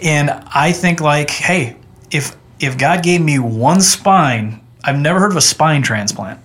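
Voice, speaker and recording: A man's voice: on the high side, unhurried, fairly bright tone. A man, a chiropractor, talking earnestly and chattily as a guest in a casual podcast interview. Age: adult with children. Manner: earnest, chatty, with frequent restarts.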